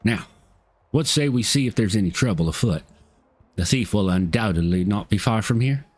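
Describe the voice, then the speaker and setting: Guy doing a southern gal quest giver, twangy, kinda husky, all formal and old-timey, bouncy delivery. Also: fairly low pitch, lively intonation, moderate pace, darkish tone. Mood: resolute. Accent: put-on Southern US twang. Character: earnest young woman hunting a thief. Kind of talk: reading game dialogue aloud.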